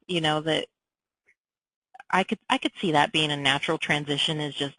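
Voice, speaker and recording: A woman's voice: low voice, fairly even intonation, normal speed, long pauses, dry recording, rough recording. Attentive woman host asking long questions. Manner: attentive, frequent soft backchannels, rambling questions. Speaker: webinar host, interviewer. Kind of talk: conversational interview. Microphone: webinar call mic.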